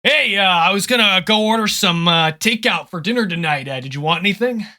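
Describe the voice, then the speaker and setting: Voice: mid-range voice, lively intonation, a little fast, pushed and bright. A game master voicing a supportive father in his late forties who talks casually, with friendly fumbling. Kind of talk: tabletop role-play character voice.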